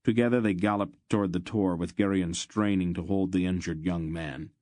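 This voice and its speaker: A man reading a fantasy novel aloud as an audiobook narrator, in steady, measured storytelling. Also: sits low, no room sound, clean studio sound.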